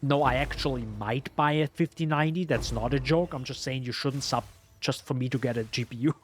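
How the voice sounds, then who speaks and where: A man's voice: medium pitch, brisk, soft background music. A man streaming a video game, rambling casually to his viewers as he plays. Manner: rambling, chatty, talks to viewers. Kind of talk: live gameplay commentary.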